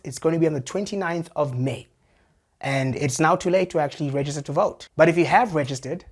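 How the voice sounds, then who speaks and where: A young man hosting a satirical comedy show, delivering a wry, animated monologue. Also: a little high. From South Africa. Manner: wry, animated, jumps into voices.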